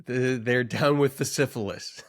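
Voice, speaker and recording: A man's voice: mid-range voice, measured pace. A man joking his way through a casual comedy podcast, riffing on absurd bits and jumping from idea to idea. His voice sits in an ordinary middle range, and his talk is loose and playful. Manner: joking, animated riffing with bursts of laughter. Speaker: podcast co-host.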